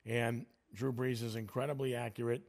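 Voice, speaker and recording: A man's voice: mid-range voice, level tone, normal speed, darkish tone. A male sports radio host leads an interview in an easy, conversational voice. He asks the questions and keeps the talk moving.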